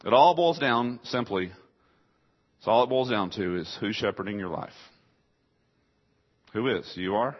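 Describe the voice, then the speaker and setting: A man's voice: on the low side, unhurried, pauses often, dull audio. Man preaching a conversational sermon. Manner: conversational preaching, rhetorical questions, voices listeners' objections. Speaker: pastor.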